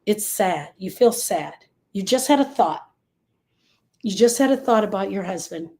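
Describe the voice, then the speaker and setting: A podcast host on grief, a woman, speaks at a measured pace in a medium-pitched, slightly mellow voice with lively intonation. Her heartfelt, motivational talk is told as conversational storytelling, emphatic and full of repeated phrases for weight.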